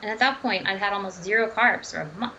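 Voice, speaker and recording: A woman with a gravelly, bright edge to her voice tells her story in a casual interview. She is animated and slips into the voices of the people she quotes. The sound is dull and lo-fi, with faint noise underneath. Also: medium pitch, fast. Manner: animated, acts out quoted dialogue. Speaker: dietitian and runner.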